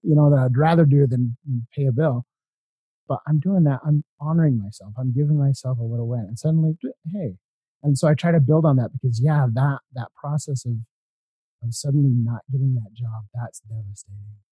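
A man hosting a podcast interview, talking in a rambling way with many halting restarts. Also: mid-range voice, breathy edge, no room sound, phone-quality sound. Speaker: podcast host. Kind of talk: casual interview chat.

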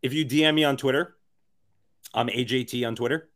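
Raspy-voiced man, rambling interview guest. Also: medium pitch, fairly quick, fairly bright tone. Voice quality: raspy, worn voice. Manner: rambling, filler-heavy, many restarts. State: hoarse. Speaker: interview guest, NFT project co-founder. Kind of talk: casual podcast interview.

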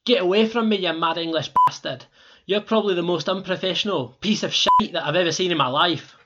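An actor playing a bitter, crude Scottish football manager in a wheelchair, with a Scottish accent, in a comedy sketch. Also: male voice, high voice, a little fast, highs cut off, heavy background noise, natural voice. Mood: furious. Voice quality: crude, blunt, grudging.

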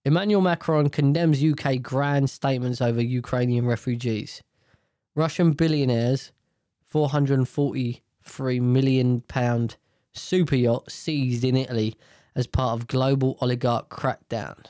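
A man's voice: mid-range voice, fairly even intonation, a little slow, dark tone, no echo, studio quality. A man in casual, rambling commentary on the news, swearing freely and often correcting himself.

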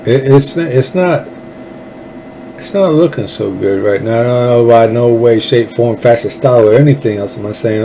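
A man's voice: mid-range voice, normal speed, warm tone, a little hiss or hum, rough recording. A man with a Texan accent hosting a political commentary show, talking in a folksy, fervent, rambling way with frequent restarts. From Texas. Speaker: show host.

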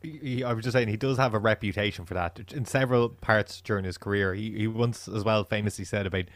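Lower-voiced man listing film facts. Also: fast, dry recording. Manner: lists facts and years in a steady run. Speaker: podcast co-host. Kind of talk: casual film discussion.

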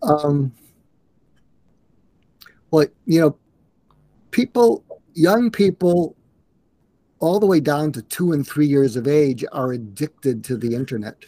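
An older man, a psychiatrist guest in an interview, speaking earnestly in a halting way with restarts. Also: a little high, dark tone, dry recording. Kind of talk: conversational interview.

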